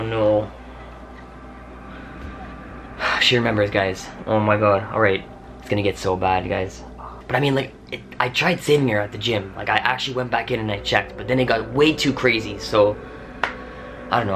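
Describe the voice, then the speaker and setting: A man's voice: fairly low pitch, a bit bright, slight background noise. A young man vlogging to his viewers, panicky and exclaiming often. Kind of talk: casual scared vlog. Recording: music playing underneath.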